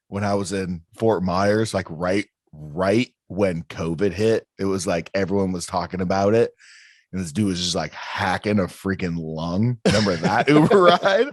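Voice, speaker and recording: A man's voice: deep voice, no room sound, clean studio sound. A man co-hosting a podcast in casual, laid-back chat, saying dude and laughing. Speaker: podcast co-host.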